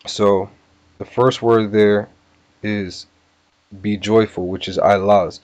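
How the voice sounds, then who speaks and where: A man teaching a scripture lesson, casual and repetitive, sounding out words slowly. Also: lowish voice, steady tone, a little mellow, no echo, dull audio. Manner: casual, repeats "all right" and "you know", sounds words out slowly. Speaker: bible teacher. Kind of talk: scripture lesson with word-by-word breakdown.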